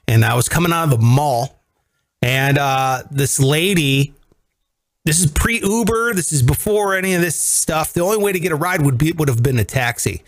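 A man hosting a casual podcast chat, telling stories with lively acted-out quotes. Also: a little high, moderate pace, slight background noise. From greater Cleveland area. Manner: animated storyteller, acts out quotes. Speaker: podcast host.

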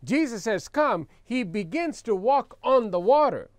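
High-voiced man preaching a sermon. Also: sing-song, normal speed, dry recording. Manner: reads scripture aloud, then explains with emphatic repetition; leads the congregation in call-and-response. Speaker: pastor.

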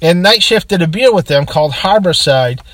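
On a casual beer podcast, a Massachusetts co-host with a Boston accent chats away and reads sponsor spots. His high voice is a bit bright with lively intonation, moving at normal speed, and there's no echo.

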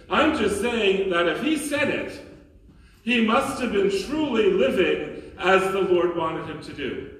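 Priest preaching in an echoey church. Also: male voice, high-pitched, fairly bright tone, recorded from a distance. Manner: earnest, questioning, emphatic with dramatic pauses. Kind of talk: sermon. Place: large church.

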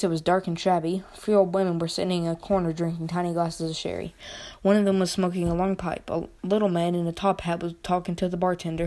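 A woman reading a children's novel aloud at an unhurried pace, now and then stumbling and restarting a word. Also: fairly low pitch, warm tone. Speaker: reader. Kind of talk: amateur audiobook reading.

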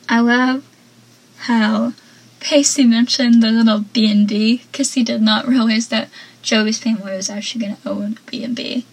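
A woman's voice: a little high, fairly even intonation, normal speed, slightly rough, rough recording. A young woman hosting a podcast, chatting casually and with strong opinions as she recaps a TV episode, with lots of "like.". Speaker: podcast host.

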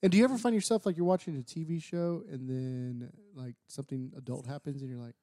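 A man co-hosting a podcast in casual banter, loud and excitable, prone to raising his voice. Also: mid-range voice, fast talker, dry recording, studio quality. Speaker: podcast co-host. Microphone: studio microphone.

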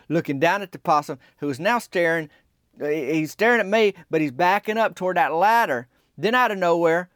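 A man telling a rambling, deadpan comic story in a conversational way. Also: a little high, dry recording, studio quality.

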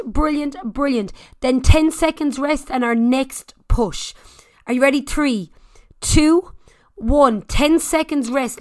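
A woman coaching a spin class, counting down intervals, shouting encouragement and cracking jokes. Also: high-pitched. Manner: jokey, swears casually.

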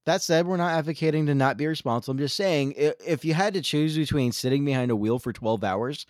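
A man's voice: on the high side, quick pace, no room sound, studio quality. A man co-hosting a podcast, talking in a wordy, joking way and stammering on his restarts. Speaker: podcast co-host. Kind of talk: casual chat.

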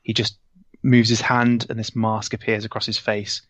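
A man's voice: on the low side, flat delivery, normal speed, fairly bright tone, no echo. A man casually introducing his tabletop character, chatty and self-correcting with frequent ums.

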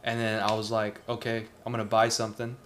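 A man's voice: lowish voice, completely flat delivery, fast, a bit bright, slight background noise. A man from Southern California chatting with friends on a podcast, laid-back and joking, with lots of slang. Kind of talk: casual chat among friends.

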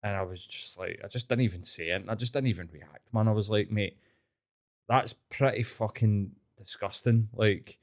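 With a Glaswegian accent and a lowish voice at moderate speed, a young Scottish man spins animated stories in a casual chat, peppering them with heavy swearing.

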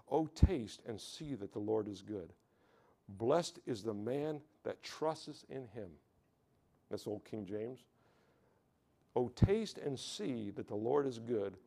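Halting American preacher giving testimony. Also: male voice, on the low side, vocal fry, dark tone. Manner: halting, repeats words and restarts often; calls out to the congregation for amens. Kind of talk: sermon with personal testimony.

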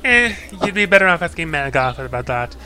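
A man playing a gruff, very tall woman shipwright. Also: a little high, very animated, a little fast, pushed and bright, pitched above the performer's own voice, heavily acted. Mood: matter-of-fact. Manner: rough dockside speech, "oi", "laddie boy".

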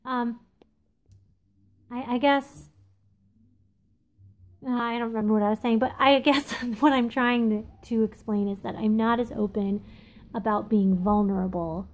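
A woman in her thirties with a candid, confessional way of talking, reflecting aloud in a casual monologue and pausing often with ums. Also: a little high, a little mellow. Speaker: podcast host. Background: phone texting interruptions.

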